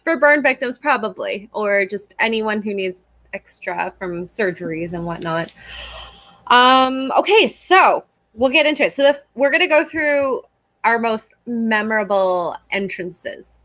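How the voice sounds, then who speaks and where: A woman's voice: fairly high pitch, lively intonation, a little slow, a bit bright, no echo. A woman co-hosting a casual reaction chat, playful and giggly with enthusiastic asides. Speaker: co-host.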